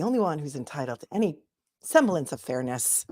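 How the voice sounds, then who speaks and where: A woman's voice: sits low, sing-song, a little fast, a little mellow. A woman attorney hosting a casual livestream of legal commentary. She chats with her viewers, reads their messages aloud, and sometimes drops into dramatic whispers.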